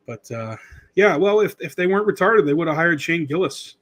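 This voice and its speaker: Fairly high-pitched and expressive, this man talks at a fairly quick clip. He's a podcast host in his thirties whose casual political commentary rambles along, sarcastic and full of mocking impressions.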